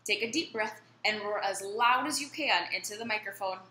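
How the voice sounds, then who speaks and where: A stern, hard-to-impress lion teacher, as a woman reading a storybook puts him on, giving short, dry orders. The voice is bright and carries an echoey room with faint noise behind it. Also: mid-range voice, normal speed, natural voice. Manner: dry, blunt coaching.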